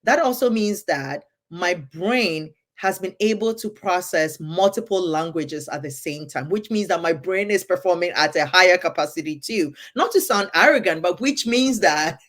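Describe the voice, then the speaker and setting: A woman who moved to the United States, talking fast and with emphasis in a candid conversation, acting out what people say to her. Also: lowish voice, expressive, a bit bright. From immigrant to the United States. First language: English. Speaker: podcast co-host.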